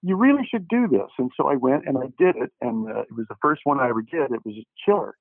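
An older man, an actor guest, telling lively anecdotes and acting out the dialogue, with many false starts. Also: mid-range voice, fast talker, gravelly, dry recording. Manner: animated storyteller who acts out quoted dialogue, with frequent restarts. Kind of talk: anecdotal interview storytelling. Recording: dry, tinny phone-like line.

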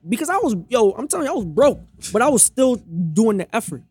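Young ny dude, kinda high voice, dry close sound, cussing and reenacting the whole story. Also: male voice, very animated, fairly quick, darkish tone, husky, dry recording. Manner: blunt, profane, emphatic, reenacts dialogue. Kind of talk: casual storytelling.

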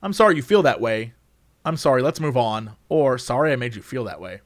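A man's voice: medium pitch, lively intonation, fairly quick, no room sound. A young man hosting a casual chat, reading quiz questions aloud and joking about the answers, with some swearing. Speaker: host.

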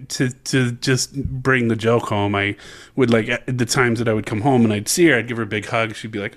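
A young adult man tells a story on his podcast with animated, laughing energy. He talks casually, in the easy rhythm of a friend sharing an embarrassing moment. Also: mid-range voice, brisk. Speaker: podcast co-host. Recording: podcast mic.

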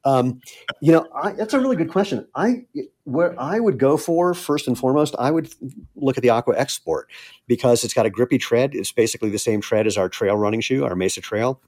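With a medium-pitched, darkish voice and lively intonation, this middle-aged shoe company founder talks briskly as a podcast guest. He opens up earnestly and candidly, becoming emotional to the point of choking up.

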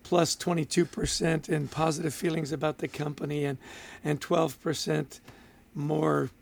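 Gravelly, high-pitched male podcast co-host. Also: flat delivery, normal speed. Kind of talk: casual podcast chat.

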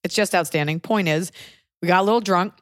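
A woman with a lowish voice hosts a casual podcast, spinning rambling, joking stories and tossing in the odd swear word. The mic is close and dry, with no room sound. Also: fast talker, no echo. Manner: chatty, loose storytelling with jokes and swearing. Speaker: podcast host. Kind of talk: casual chat.

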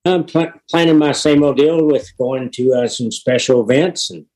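A man in his sixties with a Texan accent, a podcast guest talking in an easygoing, halting way full of fillers and restarts. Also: mid-range voice, darkish tone, poor audio. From Texas. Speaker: guest, retired motorcycle racer. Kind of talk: casual interview chat.

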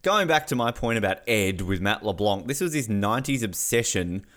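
A man's voice: on the low side, animated, moderate pace, a bit bright. Chatty, laughing podcast man. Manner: chatty, rambling, laughs often. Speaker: podcast co-host. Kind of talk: casual chat.

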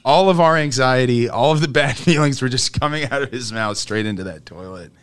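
A man's voice: medium pitch, a little fast, fairly bright tone, clean tone, no echo. A young man, a guest comedian, telling a funny story in casual podcast chat, laughing often as he goes.

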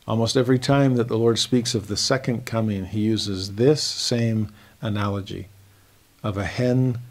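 Earnest gravelly-voiced man teaching scripture. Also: lowish voice, a little mellow. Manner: slow, earnest reading of verses with emphatic rises. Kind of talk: devotional scripture lesson.

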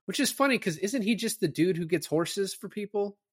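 A man's voice: high voice, expressive, brisk, dry recording, clean studio sound. A man co-hosting a podcast, chatting casually about a film, recapping scenes and laughing often. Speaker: podcast co-host. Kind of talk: casual movie discussion.

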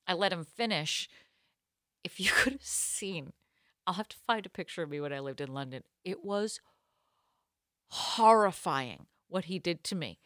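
A woman co-hosting a podcast, telling a self-mocking story in a lively, casual way. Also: fairly low pitch, normal speed, pauses often, dry recording, studio quality. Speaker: podcast co-host.

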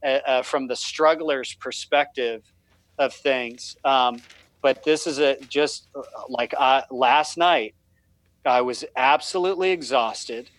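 On a podcast, a fatherhood writer tells a rambling, self-deprecating story about being a dad, restarting his thoughts often in this casual conversation. His voice is mid-range and fairly bright, slow-paced, in a dry, rough recording.

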